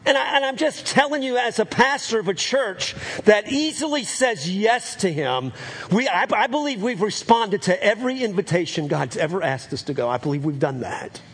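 A man's voice: high-pitched, expressive, normal speed, husky. A man preaching a sermon as pastor, earnest and repeating phrases for emphasis.

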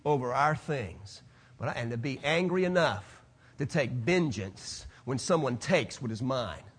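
A man preaching a sermon, swinging from loud declarations to hushed, quiet asides. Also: mid-range voice, animated, a little slow, breathy edge.

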